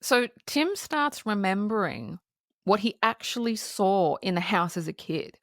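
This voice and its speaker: A woman co-hosting a podcast, recapping a horror film in casual, profane, animated chat and acting out the characters' lines. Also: medium pitch, measured pace, no echo, clean studio sound. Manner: profane, animated plot recapping with acted-out quotes. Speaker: podcast co-host.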